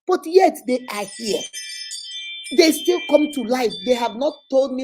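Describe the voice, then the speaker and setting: A woman's voice: high-pitched, lively intonation, measured pace, a little mellow, soft background music. A Nigerian woman hosting a casual advice session, talking animatedly and laughing often as she acts out phone calls. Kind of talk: casual live advice chat.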